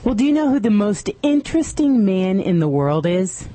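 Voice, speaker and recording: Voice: mid-range voice, sing-song, normal speed, warm tone. A radio news presenter teasing an upcoming story in a playful way. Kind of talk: news teaser.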